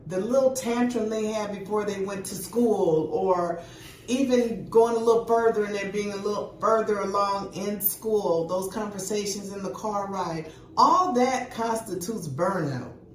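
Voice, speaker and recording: A woman's voice: mid-range voice, measured pace. An older woman and grandmother, co-hosting a casual chat and telling stories in an emphatic way. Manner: lively storyteller, emphatic. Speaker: co-host. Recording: echoey, distant mic with faint noise.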